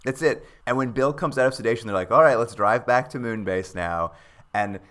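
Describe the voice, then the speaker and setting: Bright-voiced man recapping a show. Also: mid-range voice, brisk. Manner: animated storyteller, acts out characters' lines. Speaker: podcast co-host. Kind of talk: casual chat recapping a TV show.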